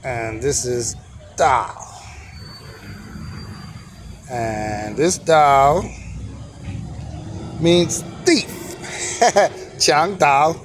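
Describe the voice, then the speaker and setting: Slow-talking easygoing man. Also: medium pitch, a little hiss or hum. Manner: easygoing and informal. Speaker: calligraphy teacher. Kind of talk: casual teaching to camera.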